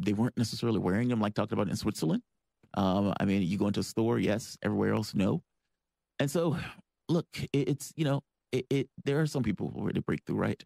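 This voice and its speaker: A man's voice: on the low side, creaky, a little mellow, no echo. A man hosting a radio interview show, chatting casually and rambling a little with fillers.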